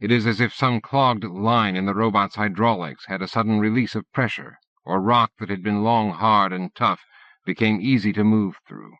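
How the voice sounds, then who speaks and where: Low-voiced male audiobook narrator. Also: moderate pace, a bit bright, dry recording. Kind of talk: scripted narration. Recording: dull dry cassette-era audiobook recording.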